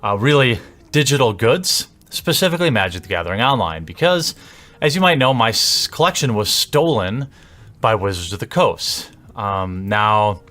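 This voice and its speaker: A man speaking a monologue to camera, laying out his argument in a measured way with rising endings. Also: fairly low pitch, lively intonation, bright, forceful tone. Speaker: commentator in a played video.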